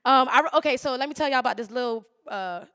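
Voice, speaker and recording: A young woman performing spoken word poetry, with rhythmic, measured recitation and loose, laughing, swearing banter between poems. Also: high voice, bright, forceful tone, clean tone.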